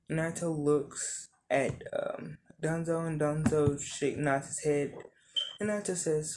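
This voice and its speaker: A narrator improvising a fan-made story, talking in a halting way with many ums and correcting details as they go. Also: medium pitch, steady tone, darkish tone, slight background noise.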